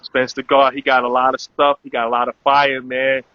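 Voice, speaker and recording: A man's voice: mid-range voice, level tone, a little fast, no echo. A man hosting a casual live-stream chat, loose and promotional, with many filler words. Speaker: host. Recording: dull lo-fi audio.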